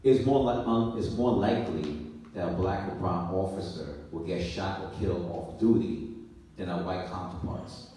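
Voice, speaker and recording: A police officer on a live panel, speaking in a measured, earnest way. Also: male voice, low-pitched, warm tone. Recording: echoey hall, distant mic.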